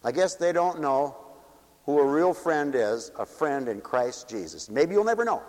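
A man delivers a dramatic sermon in a high voice, firing rhetorical questions at his listeners. He swings between forceful, rising lines and hushed, low replies. The sound carries a long reverb, as in a large hall. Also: animated, moderate pace. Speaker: preacher. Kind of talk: sermon to a congregation, also broadcast on radio.

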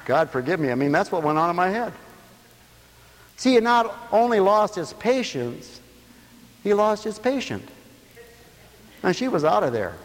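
A man's voice: sits high, big pitch swings, a little slow, long pauses, long reverb tail. A man preaching a sermon to a radio audience, telling stories and acting out the voices of people in them.

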